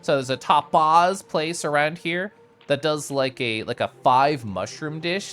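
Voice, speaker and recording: A man's voice: fairly high pitch, unhurried, a bit bright, faint music behind. A young man chatting casually while streaming a game, rambling and full of asides. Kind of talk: casual gameplay commentary.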